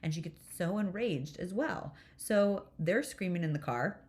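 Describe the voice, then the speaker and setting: Low-voiced chatty woman podcaster. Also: animated, measured pace, darkish tone. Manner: chatty, self-deprecating, laughs often, swears casually. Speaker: podcast host, nervous system coach. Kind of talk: candid solo podcast storytelling.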